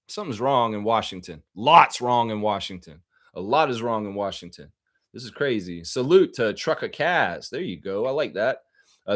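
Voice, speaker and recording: Animated male sports stream host. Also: medium pitch. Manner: animated, rambling, opinionated. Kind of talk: casual live-stream commentary reading chat.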